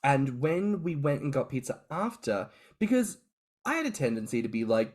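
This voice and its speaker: Animated male podcast storyteller. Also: mid-range voice, normal speed. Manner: animated storyteller, swears and laughs freely. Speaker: podcast co-host. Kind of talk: casual podcast chat.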